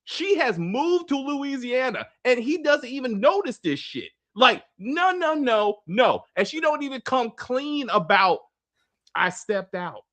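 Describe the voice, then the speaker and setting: Animated high-voiced man reviewing a movie. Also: unhurried, few pauses. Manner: emphatic, exasperated, repeats no for emphasis. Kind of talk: casual movie review chat.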